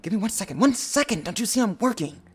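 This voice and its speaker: A game master voicing an irritable fantasy shopkeeper who snaps and grumbles at customers. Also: male voice, medium pitch, lively intonation, a little slow, faint music behind. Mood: irritated. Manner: snappish, grumbling.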